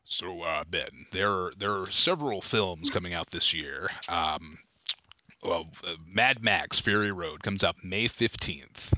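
A man doing a grave, slow movie-star drawl. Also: bright, forceful tone, dry recording, heavily acted. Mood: solemn. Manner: slow, low, deliberate delivery. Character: impression of a gruff film actor, grave and solemn. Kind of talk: comic impression in casual chat.

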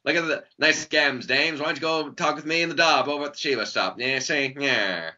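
A man voicing a fast-talking 1940s gangster who flirts with a dame, in a nasal wiseguy drawl. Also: fairly high pitch, pushed and bright, pitched above the performer's own voice. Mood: flirty swagger. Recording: dull lo-fi sound.

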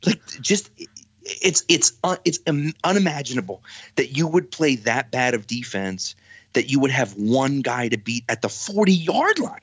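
A man's voice: medium pitch, unhurried, breathy edge, no echo. Exasperated man on a dull lo-fi line. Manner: animated, exasperated storytelling. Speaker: podcast guest, football writer. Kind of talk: casual podcast chat. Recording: dull dry lo-fi sound.

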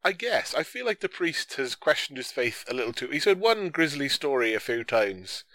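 A man's voice: mid-range voice, very animated, normal speed, sharp tone, no echo. A man in a casual film discussion, talking in a hesitant, wry, slangy way.

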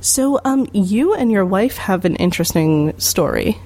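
A woman's voice: medium pitch, expressive, measured pace, warm tone. A woman hosting a casual podcast interview, laughing along and giving brief prompts. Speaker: podcast host.

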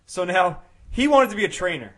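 Animated, bright-voiced man telling a story. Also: sits high, brisk. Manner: animated storyteller, laughs often, trails off with "right?". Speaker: podcast co-host. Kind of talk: casual chat.

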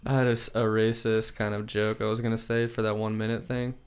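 A man's voice: on the low side, little pitch movement, fast, smooth. Rambling young podcast co-host man. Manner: rambling, restarts, laughs often. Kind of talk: casual podcast chat.

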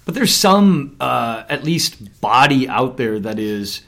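A man co-hosting a relaxed talk show, talking in an animated, ranting way. His pitch swings widely as he gets fired up. He is from Minnesota. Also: slow pace, creaky. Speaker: podcast co-host. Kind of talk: casual chat.

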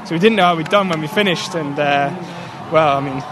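A man's voice: on the high side, a little fast. A man, an Olympic canoeist, talking casually and rambling in an interview outdoors at a whitewater course. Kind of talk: post-race interview. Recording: noisy outdoor field recording.

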